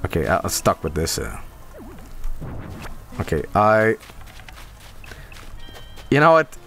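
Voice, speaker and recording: A man's voice: sits low, wildly swooping pitch, slow, vocal fry, fairly bright tone, soft background music. Rambling, joking young man streamer. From Canada. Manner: rambling, joking, self-correcting. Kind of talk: casual gameplay commentary.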